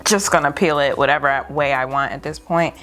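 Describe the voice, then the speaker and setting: A woman's voice: low voice, brisk, fairly bright tone, soft background music. A young woman vlogging at home, nervous and exclaiming as she talks through the steps, often saying "y'all". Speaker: beauty vlogger. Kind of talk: casual vlog narration.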